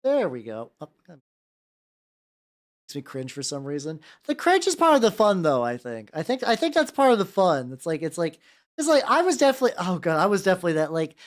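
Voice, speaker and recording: A woman's voice: lowish voice, very animated, fairly quick. A young woman chatting casually on a livestream while painting miniatures, rambling, swearing and restarting her sentences. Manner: rambling, profane, self-interrupting with stammered restarts. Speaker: VTuber streamer painting miniatures.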